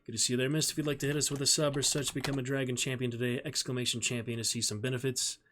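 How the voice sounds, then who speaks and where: A man on a live stream reads a novel aloud at a medium pitch. He talks in a friendly, chatty way with viewers between passages, speaking into a desk microphone. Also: level tone, racing, a bit bright. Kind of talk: live-stream chat and book reading.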